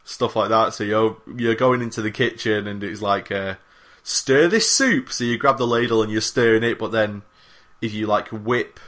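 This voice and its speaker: A man's voice: fairly low pitch, level tone, moderate pace, fairly bright tone. A young man on a gaming podcast, rambling through a casual chat with lots of fillers. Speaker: podcast co-host.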